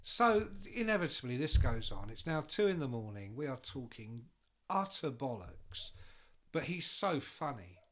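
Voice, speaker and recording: Animated man telling stories. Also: medium pitch, unhurried. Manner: animated storyteller, swears freely, acts out other people's voices. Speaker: podcast guest telling road stories. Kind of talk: casual chat, anecdote telling.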